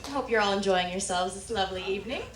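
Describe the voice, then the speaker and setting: A young woman from Nebraska doing a stand-up routine, telling animated stories and jumping high when she quotes people. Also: rapid-fire, heavy background noise. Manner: animated storytelling, squeals quoted lines high. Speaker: stand-up comedian. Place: comedy club stage. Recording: echoey room, mic from far off.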